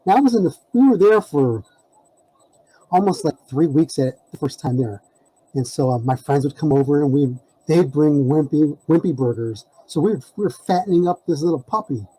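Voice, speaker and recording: A man's voice: fairly high pitch, dark tone, breathy edge, no echo, poor audio. A man telling a rambling story as a podcast guest, full of fillers and laughs. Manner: rambling, many "you know" fillers, laughing. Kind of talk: casual storytelling.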